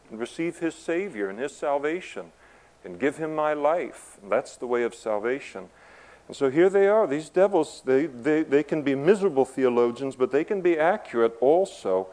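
Male pastor, mellow tone, emphatic sermon delivery with chatty asides. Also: medium pitch, low-quality recording. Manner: emphatic, conversational asides, swings between quiet and loud.

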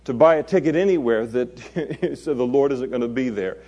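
Mellow-voiced man preaching a sermon. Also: mid-range voice, brisk, dull audio. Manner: conversational, with chuckles and playful asides. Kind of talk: expository sermon.

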